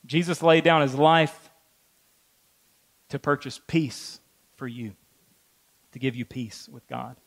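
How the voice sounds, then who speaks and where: A man's voice: mid-range voice, slow, gravelly, pauses often. A middle-aged man preaching a sermon, earnest, repeating key phrases for emphasis. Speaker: pastor.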